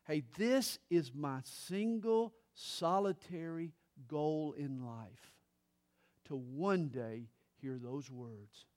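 High-voiced man preaching a sermon. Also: a little mellow. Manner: dynamic preaching with dramatic pauses and humor. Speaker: pastor.

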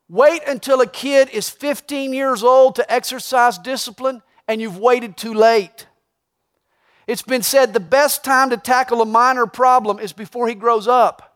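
With an extremely high-pitched voice, a man preaching as a pastor is emphatic, swinging between loud stresses and hushed asides.

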